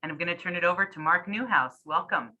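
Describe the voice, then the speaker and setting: Bright-voiced woman introducing a speaker. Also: on the low side, quick pace, highs cut off. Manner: formal, welcoming. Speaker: event host.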